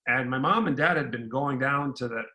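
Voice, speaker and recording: A man's voice: mid-range voice, normal speed. A middle-aged man who grew up between Ireland and the United States, telling stories in a casual interview and acting out the voices of people in them. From Ireland, raised in the United States. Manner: animated storyteller who acts out quoted voices. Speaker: interview guest, former pro basketball player.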